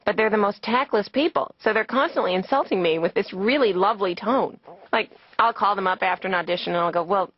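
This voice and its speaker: A woman telling a wry stand-up story in a soft voice. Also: mid-range voice, fairly quick, muffled recording. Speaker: stand-up comedian. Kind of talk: stand-up monologue.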